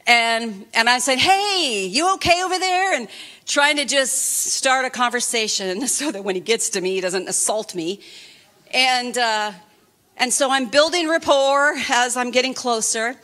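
Bright-voiced woman preaching a testimony. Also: fairly high pitch, measured pace. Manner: expressive storyteller, fervent. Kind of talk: testimony sermon.

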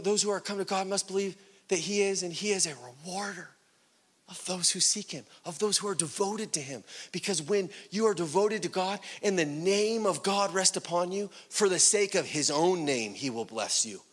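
A man preaching a sermon to his congregation. He asks them questions and swings from loud, rising peaks down to hushed whispers. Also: sits high, moderate pace. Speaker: pastor.

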